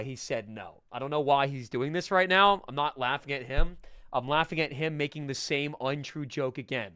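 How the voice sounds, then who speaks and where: A man streaming live, chatting casually with viewers and swinging from mumbled asides to loud, laughing protests. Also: medium pitch, clean tone.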